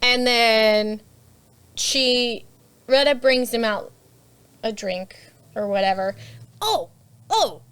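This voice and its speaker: A woman's voice: a little high, expressive, slow, long pauses, a bit bright, clean tone. A woman co-hosting a casual book podcast, recapping a novel's plot and acting out the characters' lines. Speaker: podcast co-host. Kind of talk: casual book club chat.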